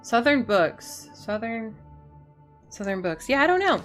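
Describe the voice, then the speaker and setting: A woman's voice: on the high side, very animated, measured pace, soft background music. A woman streaming a video game, chatting playfully and a bit silly with her viewers as she plays. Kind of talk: casual gaming stream chat.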